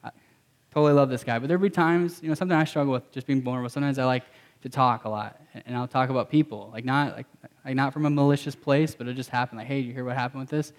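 A man's voice: medium pitch, fast. A man preaching a sermon as a pastor, emphatic and repetitive, mixing in casual slang.

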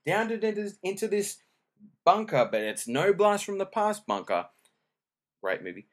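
A man's voice: high voice, big pitch swings, moderate pace. A man hosting his own podcast, giving a casual solo movie review chat in a rambling, self-deprecating way and often restarting his sentences. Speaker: podcast host. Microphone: home recording.

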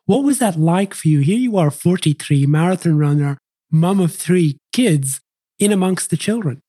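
A man hosting an interview, asking sympathetic, measured questions. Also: a little high, animated, mellow, breathy edge, dry recording, clean studio sound. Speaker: podcast host.

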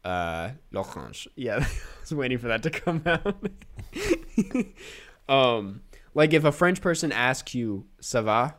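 Lively-voiced casual male podcast host. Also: medium pitch, slow. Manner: chatty, laughs often, many fillers. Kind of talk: casual chat.

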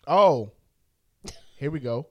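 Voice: mid-range voice, lively intonation, takes it slowly, dry recording, lo-fi sound. A young adult co-hosting a casual chat, laughing often and teasing in slang.

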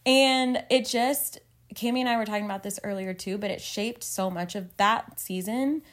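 A woman's voice: mid-range voice, normal speed. A woman in her thirties co-hosts a casual faith podcast. She talks earnestly and at length, full of filler words, and she gets emotional easily. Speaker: podcast co-host.

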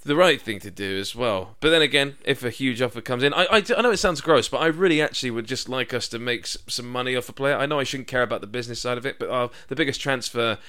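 A man's voice: medium pitch, fast talker, hardly any pauses, pushed and bright, smooth. A man hosting a casual football podcast, chatty and enthusiastic, with frequent fillers and restarts. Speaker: podcast host.

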